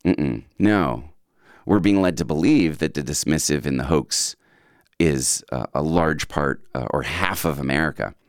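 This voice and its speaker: A man's voice: rumbling low, unhurried, no echo, clean studio sound. A man hosting a radio show, talking casually and quizzing listeners with rhetorical questions. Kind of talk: casual radio talk with a quiz.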